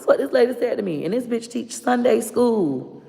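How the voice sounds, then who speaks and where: A woman's voice: fairly high pitch, lively intonation, moderate pace, vocal fry, background noise. A woman with a Florida accent ranting bluntly and profanely to camera. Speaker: vlogger. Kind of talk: casual rant to camera. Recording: long reverb.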